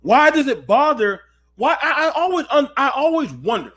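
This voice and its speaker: Man, late-night host, high voice, preaching rhetorical questions at his audience. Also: sing-song, normal speed, a bit bright. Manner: preachy, rhetorical, talks to viewers. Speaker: channel host.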